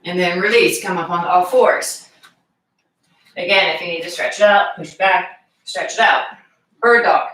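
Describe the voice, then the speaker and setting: A woman fitness instructor leading a live exercise class, calmly giving cues and counting reps aloud. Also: on the low side, unhurried, pauses often. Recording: echoey room, voice from far off.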